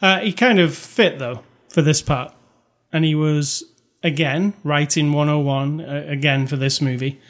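A man's voice: a little high, fairly even intonation, a little slow. A man co-hosting a casual movie review chat, rambling and conversational with lots of fillers. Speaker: podcast co-host.

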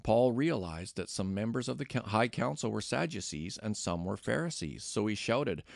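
Gravelly-voiced man reading scripture. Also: on the low side, animated, moderate pace, hardly any pauses, no echo, studio quality. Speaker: scripture reader. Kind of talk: scripted narration.

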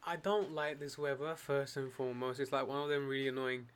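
A man's voice: mid-range voice, steady tone, brisk, clean tone. A young man chatting casually with a friend, laid-back, swearing and joking as he talks. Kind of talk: casual chat.

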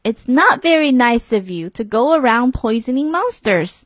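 A woman's voice: on the high side, expressive, normal speed, no echo, clean studio sound, voice pushed up. Woman doing a small, earnest young toad. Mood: scolding. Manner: earnest, scolding pleas. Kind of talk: storybook reading.

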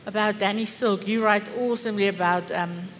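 A woman's voice: mid-range voice, fairly even intonation, fairly quick, slight background noise. A middle-aged woman pastor with an Afrikaans accent, preaching a sermon with fervour and rhetorical questions. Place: church hall. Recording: echoey church hall with faint music.

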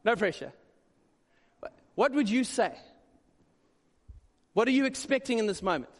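A male pastor giving a conversational, animated sermon with quick asides. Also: very high voice. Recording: long hall reverb.

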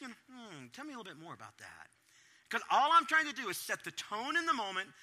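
A middle-aged male pastor giving a sermon to parents, animated and acting out his own reactions in different voices. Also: very high-pitched.

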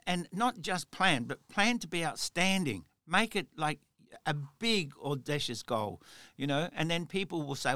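Male podcast host, middle-aged, bright slightly raised voice, earnest rambling motivational delivery. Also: fairly high pitch, no echo, clean studio sound. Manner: rambling, earnest, heavy use of "you know". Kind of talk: solo motivational podcast talk.

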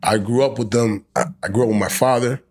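This young man speaks at a quick pace in a medium-pitched voice, hosting an outdoor podcast in cold weather. The conversation is casual and profane, with slang throughout and occasional animated rants.

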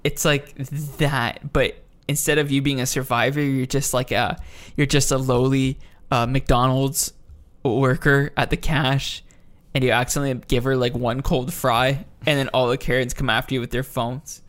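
A young man co-hosting a podcast in casual chat, excitable and quick to laugh. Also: medium pitch. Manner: excitable, laughs often, acts out voices in stories. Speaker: podcast co-host.

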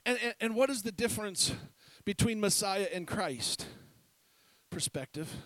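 High-voiced, bright male preacher. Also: measured pace, no echo. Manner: animated preaching, swings between loud and hushed. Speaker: pastor. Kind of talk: sermon.

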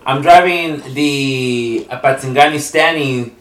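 A man telling a story in casual chat, animated and full of slang, in a roomy, off-mic recording. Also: medium pitch, slow pace, recorded from a distance. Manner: animated, slangy, acts out the characters. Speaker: podcast co-host.

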